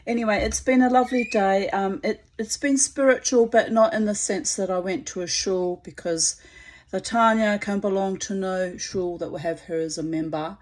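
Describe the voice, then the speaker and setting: A woman's voice: medium pitch, fairly even intonation, normal speed, darkish tone. A middle-aged woman talking casually to her phone camera at home, chatty and theatrical, rambling with fillers and playful asides. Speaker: vlogger. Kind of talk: casual spoken vlog.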